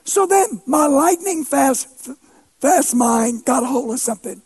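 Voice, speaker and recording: High-voiced man preaching with lively shouts. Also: measured pace. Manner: animated, shouts for emphasis, playful self-mocking humor. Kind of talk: sermon storytelling.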